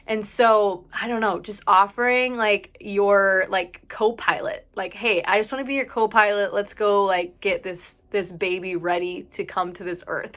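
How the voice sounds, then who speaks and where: A woman's voice: mid-range voice, fairly bright tone. A young woman vlogging casual advice to camera, chatty and full of "like", a little out of breath. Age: young adult. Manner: chatty, fills with "like", sighs and laughs.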